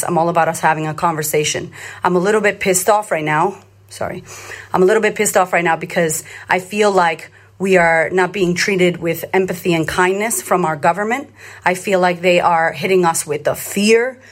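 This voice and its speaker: A woman in her thirties from Australia, a confidence coach talking live to her followers in a blunt, emphatic way, swearing freely and repeating phrases for emphasis. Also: lowish voice. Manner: repetitive, rallying cadence. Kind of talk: live social media talk to followers.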